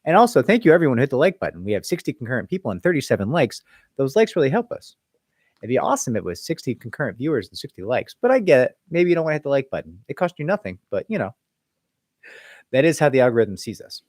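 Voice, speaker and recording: Male lawyer host. Animated, conversational delivery. Dry, close sound. Reads comments aloud and answers them. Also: medium pitch, fast talker, no echo. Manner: conversational, loose, with frequent "like" and "right?". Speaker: employment attorney hosting a live Q&A. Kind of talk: casual livestream question-and-answer.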